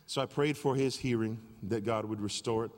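A male pastor preaching a sermon and telling a story with lively energy. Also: medium pitch, a little fast. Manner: animated storytelling. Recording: long reverb of a large hall.

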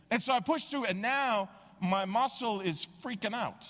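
A man preaching a sermon as pastor, telling stories with animated, acted-out quotes. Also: extremely high pitch, a little slow, big-room sound. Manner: animated storytelling, acts out quoted voices.

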